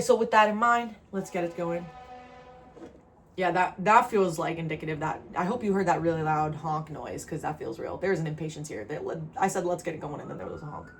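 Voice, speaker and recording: A woman from New Jersey chatting casually through a tarot reading, rambling with quick asides. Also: lowish voice, slight background noise. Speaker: tarot reader.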